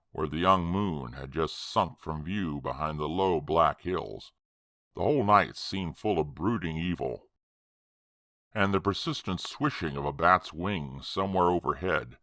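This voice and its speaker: A man reading a horror story aloud in a slow, measured way. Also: deep voice, bright, forceful tone, no echo, studio quality. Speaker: audiobook narrator. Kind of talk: scripted horror narration.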